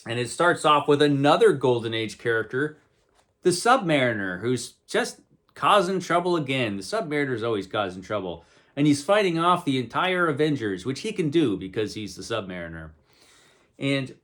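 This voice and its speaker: A man talks through a comic book in a relaxed, conversational way, drifting into wry asides. His pitch moves around a lot and stays animated. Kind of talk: casual spoken review.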